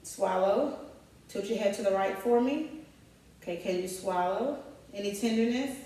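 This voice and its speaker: A woman, a nursing student, calmly demonstrating a physical assessment, stating findings aloud and giving the patient simple instructions. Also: mid-range voice, moderate pace. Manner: methodical, calm, narrating findings aloud while instructing the patient. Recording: very echoey room, picked up from a distant mic.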